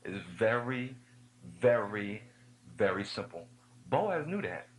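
A man giving an energetic youth sermon, telling funny stories and speaking straight to the audience. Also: mid-range voice, measured pace, slight background noise, low-quality recording. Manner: animated storytelling with humor; addresses the audience directly.

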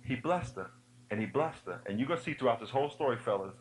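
A man giving an energetic youth sermon, telling funny stories and speaking straight to the audience. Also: medium pitch, fast talker, rough recording. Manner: animated storytelling with humor; addresses the audience directly.

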